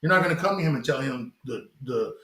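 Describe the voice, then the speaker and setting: A man's voice: medium pitch, expressive, fast talker, bright, forceful tone. Middle-aged man telling loose street stories. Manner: loose, profane, rambling storyteller. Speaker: guest rapper. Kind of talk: casual storytelling chat. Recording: roomy echoing studio.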